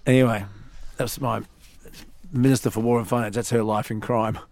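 A man's voice: mid-range voice, little pitch movement, normal speed, darkish tone, slight background noise. A man with an Australian accent hosting late-night radio, rambling through stories with many fillers and restarts. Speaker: radio host.

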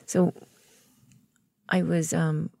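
A woman's voice: sits low, very slow, vocal fry, dry recording, studio quality. A middle-aged woman from the United States, telling a long story in an interview and acting out the people in it. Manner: animated storyteller, acts out quoted voices. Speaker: guest.

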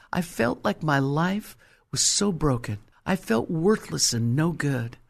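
A woman's voice: fairly low pitch, gravelly. An older woman giving a personal faith testimony, telling her story emphatically and acting out the quotes. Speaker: Christian testimony speaker.

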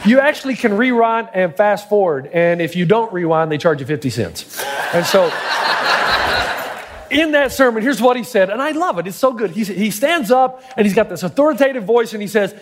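A man's voice: high voice, expressive, moderate pace. A middle-aged man preaching a sermon as pastor, telling stories with dramatic build-ups.

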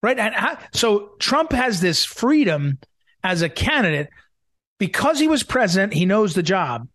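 A man's voice: sits high, sing-song, unhurried, fairly bright tone, dry recording, studio quality. A man hosting a political talk show, talking animatedly and emphatically with many fillers and restarts. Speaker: host.

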